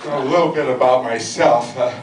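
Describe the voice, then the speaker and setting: In a noisy, echoey club recording that sounds distant, an older man from the Chicago area does a stand-up routine full of dry, self-mocking punchlines. He speaks at a moderate pace in a medium-pitched voice.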